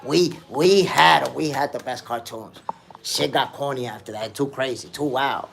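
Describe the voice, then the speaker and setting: A man's voice: medium pitch, measured pace, gravelly, a bit bright, a little hiss or hum. A man in his fifties hosting a live stream, chatting casually in slang and reminiscing as he reads out the chat. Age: 50s. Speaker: boxing podcast host.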